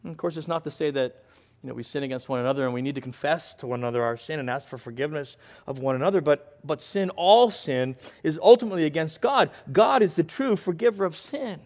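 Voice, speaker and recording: A man with a notably high voice delivers a sermon as a pastor. He preaches earnestly, dropping into quiet, reflective stretches and then pressing points with emphasis. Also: fast talker.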